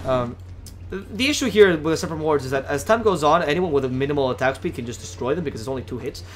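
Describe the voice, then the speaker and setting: A man casting an esports match alone, talking fast, correcting himself often and getting louder in fights. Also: on the high side, over music. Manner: fast, self-correcting, rising to excited shouts in fights. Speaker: esports caster. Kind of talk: solo game commentary.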